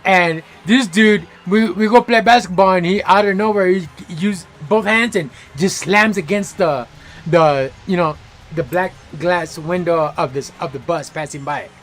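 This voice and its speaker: A man streaming a game, telling stories in a casual, animated way, full of slang and swearing. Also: high-pitched, measured pace, soft background music. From Los Angeles area. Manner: animated, slangy, swears freely, laughs loudly. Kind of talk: casual storytelling chat while gaming.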